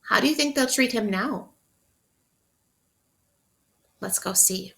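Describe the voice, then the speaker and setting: A woman teacher reading a picture book aloud to children, expressively, pausing to ask them questions. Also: medium pitch, gravelly, fairly bright tone. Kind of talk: interactive read-aloud for children.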